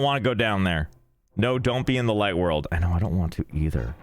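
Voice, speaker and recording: Talking a little fast in a low-pitched voice, this gamer banters casually with his live-stream chat, irreverent, rambling and cursing without restraint. Soft background music accompanies him.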